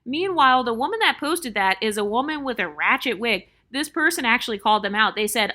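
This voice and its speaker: A woman's voice: fairly high pitch, expressive, a little fast, hardly any pauses, sharp tone. A woman vlogger giving blunt, opinionated commentary on online comments, repeating her points for emphasis.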